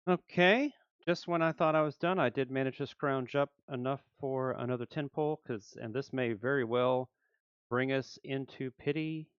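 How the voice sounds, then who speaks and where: A man hosting a gaming channel, commentating his summon pulls with animated swings between hype and letdown. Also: mid-range voice, normal speed, clear, resonant tone, no echo, muffled recording. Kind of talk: excited gacha pull commentary.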